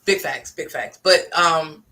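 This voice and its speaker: A woman's voice: deep voice, slow. A woman co-hosting a podcast, chatting casually about games and greeting viewers in the chat. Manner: relaxed, greets viewers in chat mid-conversation. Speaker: podcast co-host.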